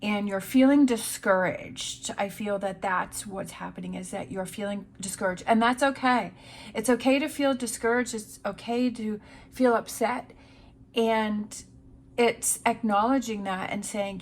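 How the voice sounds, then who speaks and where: A woman talks through a tarot reading in a relaxed, reassuring way, circling back to the same encouraging phrases. Her voice sits at an ordinary middle pitch. A faint noise runs under the recording. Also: a little slow. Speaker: tarot reader.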